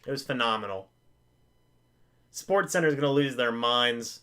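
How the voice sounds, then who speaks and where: A man's voice: medium pitch, unhurried, clean tone. A man hosting a live game reaction stream. He calls the plays himself, pleads with the players, and jokes his way through the loss. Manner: excitable, pleading with players, self-mocking humor.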